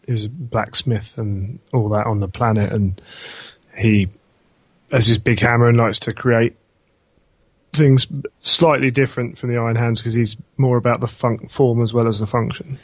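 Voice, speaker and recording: A man's voice: medium pitch, fairly even intonation, moderate pace, husky, no echo. A man in casual conversation, analysing a character's motives and laughing along with his co-host. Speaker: book discussion co-host. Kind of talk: casual chat.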